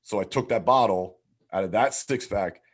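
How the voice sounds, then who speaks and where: A man in his thirties tells a rowdy story in loose, profane chat. His voice sits a little low, and he acts out what everyone said. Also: normal speed, breathy edge. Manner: animated, swears constantly, acts out quotes.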